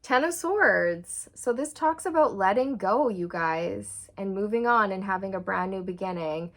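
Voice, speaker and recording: A woman giving a tarot reading straight to camera, with a voice that sits right in the middle of the usual range. She talks to the viewer in an excitable, encouraging way, and her energy keeps jumping up into squeals and laughs. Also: mid-range voice, unhurried. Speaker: tarot reader.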